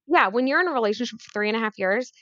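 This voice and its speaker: A woman chatting casually with a co-host, quick with wry, skeptical asides. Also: a little high, expressive, fairly bright tone, dry recording, highs cut off. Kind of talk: casual chat recapping a dating show.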